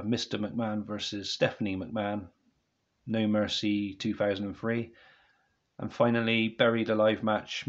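A man's voice: lowish voice, muffled recording. A man casually reviewing a wrestling DVD set to camera at home, rambling and often apologising to viewers. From United Kingdom.

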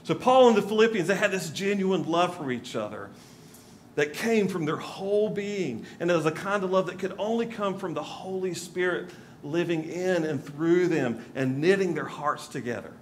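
A man's voice: high-pitched, animated, normal speed, a little hiss or hum. A male pastor from North Carolina, giving a conversational sermon with asides to the congregation in a church. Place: church sanctuary.

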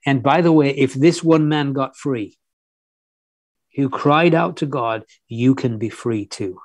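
A man's voice: medium pitch, measured pace, no room sound. Fervent male preacher, dry sound. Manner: earnest, fervent exhortation with repeated restarts. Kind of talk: sermon.

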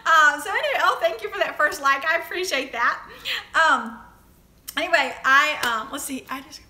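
High, bright-voiced Southern woman. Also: expressive, moderate pace. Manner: chatty, constantly greeting viewers by name. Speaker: livestream host. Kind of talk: casual livestream chat. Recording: echoey room.

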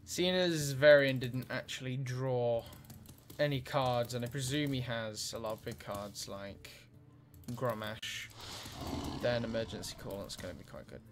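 A man's voice: medium pitch, unhurried, a little hiss or hum. A man casually commentating his own card game match, thinking aloud as he plays. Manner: relaxed, thinking aloud while playing. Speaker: gameplay commentator. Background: game music.

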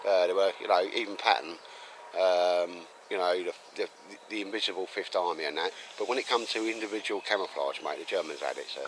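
A man's voice: low-pitched, a little fast, background noise. Chatty man in the woods. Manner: chatty, rambling, calls people mate. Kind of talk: casual chat. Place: outdoors in woodland.

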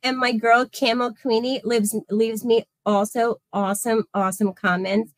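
Gushing thirties woman livestreaming, a bit high. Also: level tone, moderate pace, no room sound. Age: 30s. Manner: effusive, thanking viewers by name. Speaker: livestream host. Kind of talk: casual livestream chat.

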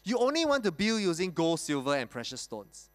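A man preaching from the pulpit with a fairly high voice that rises and falls a lot as he stresses each point. He pauses on rhetorical questions and says key lines twice. His voice carries a long reverb through the church hall. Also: very animated. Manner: explains scripture with rhetorical questions and repetition. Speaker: pastor. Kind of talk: sermon.

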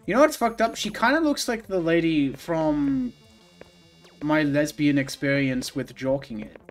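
A man streaming himself playing a video game, reacting out loud and swinging from low mumbles to sudden outbursts with lots of swearing. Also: unhurried, soft background music. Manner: excitable, profane, swings from mumbling to yelling. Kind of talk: live gaming commentary.

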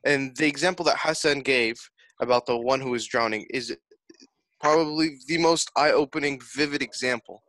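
A man offers a thoughtful, halting reflection over a video call, pausing to search for words. His voice sits mid-range and the sound is close and dry. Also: medium pitch, a bit bright, no room sound, poor audio. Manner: hesitant, thoughtful, with fillers. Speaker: discussion co-leader.

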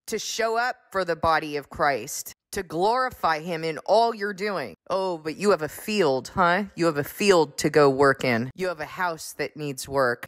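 A woman preaching a stern sermon, pressing her listeners with forceful rhetorical questions. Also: no echo. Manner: forceful rhetorical questions, rising pitch when pressing the point.

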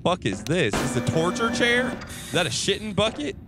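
A man's voice: sits high, big pitch swings, a little fast, loud music behind the voice, rough recording. A man teasing other players in casual game voice chat, brash and sarcastic. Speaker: YouTuber roleplaying in an online game.

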